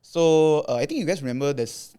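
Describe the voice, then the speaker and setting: A man's voice: on the high side, a little fast, clear, resonant tone. A young man from Malaysia, a podcast guest, casually telling a long story with lots of fillers and acted-out quotes. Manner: animated, filler-heavy retelling with acted quotes. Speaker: podcast guest, content creator.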